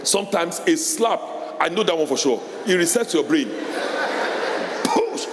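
A middle-aged man preaching a sermon as pastor, animated, laughing often and shouting in a high voice when quoting parents. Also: measured pace, noisy background. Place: church hall. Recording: echoey hall with long reverb.

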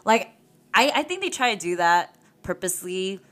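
A woman telling animated stories in a casual chat, swearing and laughing as she goes. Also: mid-range voice, normal speed. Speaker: podcast guest.

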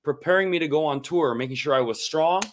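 A man's voice: on the high side, fast talker, a little hiss or hum. A man hosting a comedy podcast, talking in a wry, joking way. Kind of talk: comedic commentary.

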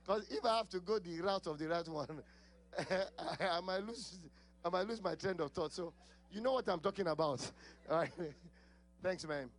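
A man's voice: high voice, moderate pace. A man with an accent preaching a sermon, laughing often, asking the congregation questions and repeating key words. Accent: non-native English accent.

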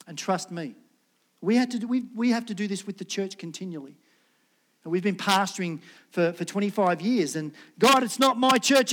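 A middle-aged male pastor preaching a sermon. He acts out prayers and God's replies, swinging from loud lines to hushed ones. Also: high voice.

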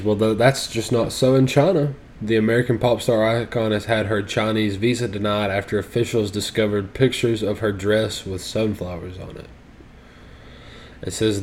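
A man's voice: fairly low pitch, darkish tone, slight background noise. A young man co-hosting a casual podcast, reading articles aloud and adding sarcastic asides. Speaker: podcast co-host. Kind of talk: casual chat.

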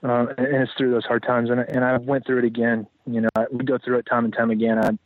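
Delivery is completely flat and the pace quick as this mid-range male voice talks on a podcast. In casual interview talk he reflects and rambles, restarting often and filling gaps with fillers. The line is tinny, phone-like and dry, with no room sound.

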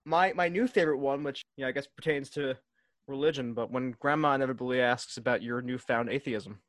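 A man's voice: mid-range voice, a little fast, a bit bright, no room sound. A man hosting a casual podcast chat, steering the talk through a list of topics. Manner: steers the topics, lists items. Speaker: podcast host.

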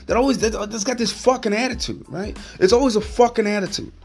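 Profane ranting man with a higher voice. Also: fast talker, a little mellow, husky. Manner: profane, heated, rambling. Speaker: podcast host. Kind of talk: solo podcast rant.

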